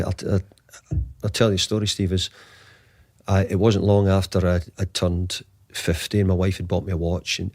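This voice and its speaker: A man's voice: sits low, no echo, studio quality. A man in his fifties, a football manager guest, telling a long anecdote with lots of restarts and acted-out dialogue. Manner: animated anecdotes, acts out quoted dialogue, frequent restarts. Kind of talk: conversational storytelling.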